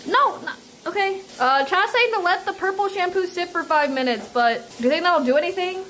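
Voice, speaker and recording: Giggly high-voiced woman streamer. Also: animated, brisk, fairly bright tone, a little hiss or hum, low-quality recording. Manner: chatty, giggly, giving step-by-step directions. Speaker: streamer host. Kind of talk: casual live-stream chat.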